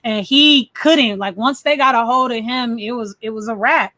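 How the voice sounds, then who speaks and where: A woman's voice: fairly high pitch, normal speed, sharp tone, dry recording. A woman co-hosting a podcast, chatting casually and emphatically about a movie. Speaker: podcast co-host. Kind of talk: casual movie review chat.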